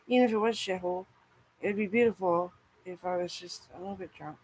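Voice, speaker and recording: A woman's voice: on the low side, fast talker, a little mellow, breathy edge, low-quality recording. A woman vlogger chatting casually and rambling, swearing freely and filling her talk with "like". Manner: rambling, profane, frequent "like".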